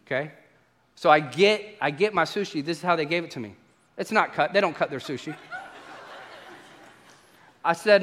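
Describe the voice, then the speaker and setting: A man preaching a sermon, an animated storyteller who acts out the exchanges he describes. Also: a little high, normal speed, pauses often. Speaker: pastor. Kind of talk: sermon with humorous travel stories. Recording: echoey hall reverb.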